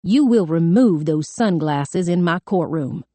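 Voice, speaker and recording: A woman's voice: lowish voice, expressive, measured pace, warm tone, dry recording. A woman voicing a stern, domineering middle-aged male judge who speaks curtly in an audiobook. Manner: curt, commanding.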